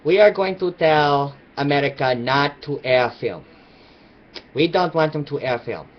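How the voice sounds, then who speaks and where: A man's voice: on the high side, expressive, unhurried, muffled recording. A man doing a mocking voice of a blustering dictator who speaks in clipped, broken phrases. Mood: demanding. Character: blustering male foreign dictator.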